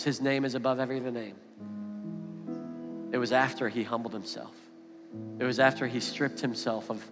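A pastor in his thirties delivers a sermon in a conversational storytelling manner, his mid-range voice carrying through a reverberant church hall. Soft guitar music plays underneath him the whole time. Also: medium pitch. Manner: storytelling, animated when quoting his kids. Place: church sanctuary.

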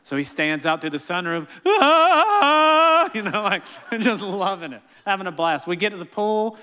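A man in his thirties preaching a sermon, telling family stories with animated delivery and acting out voices. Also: high-pitched, a little fast. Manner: animated storytelling, acts out family members' voices. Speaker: pastor. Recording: long hall reverb.

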